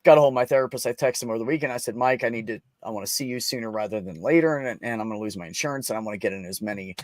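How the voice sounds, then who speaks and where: A man hosting a casual livestream chat, telling stories with wry sarcasm and lively, emotional delivery. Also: medium pitch, racing, dry recording, clean studio sound. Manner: wry, sarcastic, animated storytelling. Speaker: streamer host.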